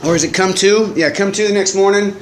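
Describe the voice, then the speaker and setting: A man's voice: sits high, fairly even intonation, brisk. A man telling a long personal story in a casual, rambling way, full of fillers and laughs. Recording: roomy echo, faint noise.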